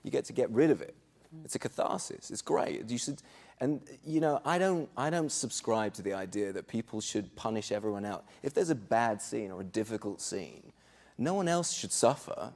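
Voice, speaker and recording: A man's voice: on the low side, lively intonation, moderate pace, creaky, darkish tone. A middle-aged man, a guest actor chatting casually in an interview, hesitant and thoughtful.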